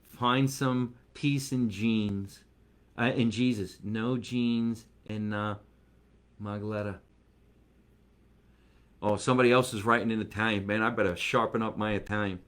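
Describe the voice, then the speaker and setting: A man's voice: on the low side, steady tone, a little slow, pauses often, a bit bright. A male comedian hosting a casual live stream, chatting in a rambling way and answering viewer comments. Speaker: comedian and show host.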